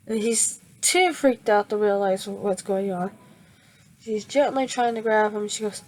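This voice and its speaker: Slow, halting woman storyteller. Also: mid-range voice, a little mellow, poor audio. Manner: halting, with many fillers and restarts. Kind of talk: improvised fan fiction narration.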